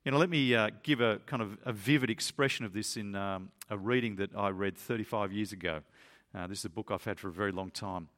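A man's voice: quick pace, a bit bright. Earnest male preacher, emphatic sermon. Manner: earnest and emphatic, climbing higher when stressing points. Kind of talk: sermon with a read-aloud story.

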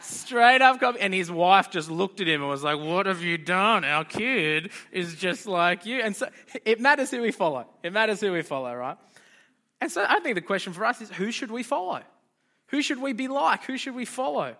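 A man's voice: high voice, sing-song, fairly quick, pushed and bright. A young man giving a casual, joking talk to a youth group as its leader. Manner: chatty, joking, loose and informal.

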